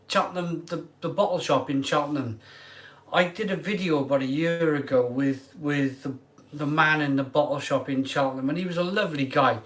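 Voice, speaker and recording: A man's voice: fairly high pitch, fairly bright tone. A man hosting a casual live stream about beer, rambling and emotional as he chats to his viewers. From United Kingdom. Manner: rambling, emotional, talks to viewers, drinks on camera.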